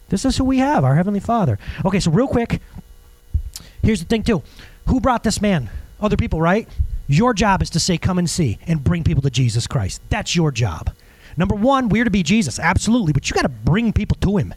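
A man preaching a sermon as a pastor, conversational and animated, with jokes and asides to the congregation. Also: high-pitched, fairly quick, husky, dry recording, low-quality recording.

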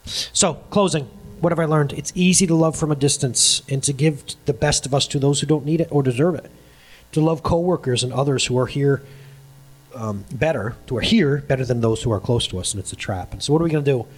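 A middle-aged pastor preaches a sermon in a medium-pitched, husky voice at a slightly fast pace. He's animated, laughs often and acts out the voices of the people he quotes.

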